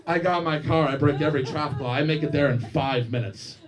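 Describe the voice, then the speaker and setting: On a comedy club stage, a man performs a crude, self-deprecating stand-up routine and banters with the crowd as the audience laughs. His voice is a little high and fast, picked up by a distant mic in the live club.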